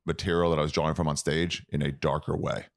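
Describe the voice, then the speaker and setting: Very deep-voiced man, blunt and crude. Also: little pitch movement, quick pace, dry recording, studio quality. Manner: crude, blunt storytelling with acted-out quotes. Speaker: comedian guest. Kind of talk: casual podcast chat.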